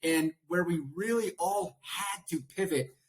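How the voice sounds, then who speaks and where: Earnest, animated male coach guest. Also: high voice, a little slow. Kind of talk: casual conversational interview.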